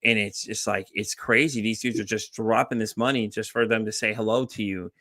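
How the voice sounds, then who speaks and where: A middle-aged man hosting a podcast, telling stories in a casual, animated way, acting out quoted voices and swearing freely. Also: on the low side, brisk, no room sound, studio quality. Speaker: podcast host.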